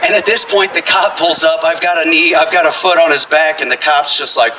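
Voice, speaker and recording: Guy doing stand-up storytelling, bright punchy voice, kinda far off mic, bit of room noise. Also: on the high side, brisk, hardly any pauses. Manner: animated, swings into loud quoted voices. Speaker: stand-up comedian. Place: house living room show. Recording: distant mic, noisy room.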